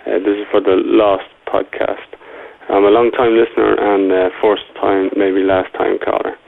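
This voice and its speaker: A man from Ireland with an Irish accent, calling in to a podcast with a measured, halting delivery. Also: on the low side, little pitch movement, creaky. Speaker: caller. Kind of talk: recorded voicemail feedback. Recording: tinny phone line.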